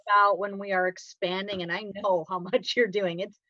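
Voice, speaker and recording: A woman's voice: medium pitch, flat delivery, normal speed, bright, forceful tone, no room sound, highs cut off. A woman co-hosting a talk radio show, speaking with enthusiastic encouragement to a caller. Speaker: radio co-host.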